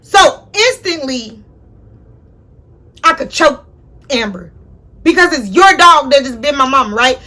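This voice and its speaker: Young woman vlogger, high bright voice, animated and profane, chatting to her viewers. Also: unhurried, long pauses. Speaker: storyteller host. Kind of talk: casual storytime vlog.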